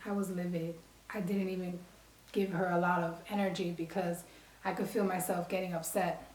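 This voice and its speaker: A woman's voice: lowish voice, normal speed. A woman from the Bronx casually telling a personal story, acting out the dialogue as she goes. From Bronx, New York. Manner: animated, acts out quoted dialogue. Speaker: vlogger. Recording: roomy echo.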